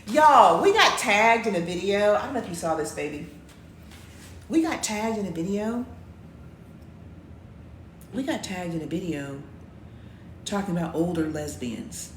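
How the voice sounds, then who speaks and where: Woman, casual chat, playful, laughing, animated pitch, echoey room with faint hiss. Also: unhurried, long pauses. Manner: playful, laughs a lot, chatty. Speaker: co-host of a livestream. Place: home.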